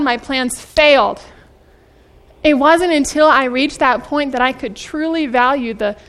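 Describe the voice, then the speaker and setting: An earnest woman delivers a sermon in a high voice. She often turns to her listeners with direct questions. When she reaches scripture, her pace slows for emphasis. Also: a bit bright. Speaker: preacher.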